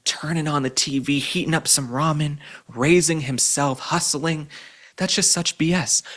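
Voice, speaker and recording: A man's voice: mid-range voice, fairly bright tone. A man hosting a political commentary show, talking in a sarcastic, combative and mocking way.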